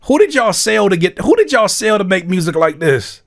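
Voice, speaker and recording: A man hosting a music reaction video, talking casually, laughing often and swearing as he gets excited. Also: high-pitched, normal speed, no room sound, clean studio sound.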